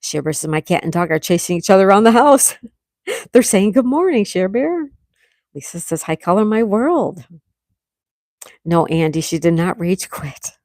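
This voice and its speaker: A middle-aged woman hosting a casual livestream, reading viewers' comments aloud and chatting back warmly. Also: mid-range voice, very animated, normal speed, pauses often, no echo, studio quality. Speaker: livestream host reading chat. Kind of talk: casual live chat.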